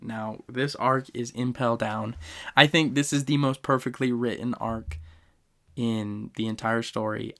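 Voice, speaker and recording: A man hosting a podcast, giving an animated, slangy ranking of favorite moments and talking straight to the listeners. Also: medium pitch. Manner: animated storytelling, swings loud and soft; slangy, addresses listeners directly. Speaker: podcast host. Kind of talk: casual fan ranking talk.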